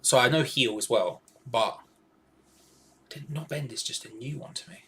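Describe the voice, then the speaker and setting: A man's voice: mid-range voice, normal speed, sharp tone, slight background noise. A young man co-hosting a casual live fan watch-along, laid-back and joking, laughing often.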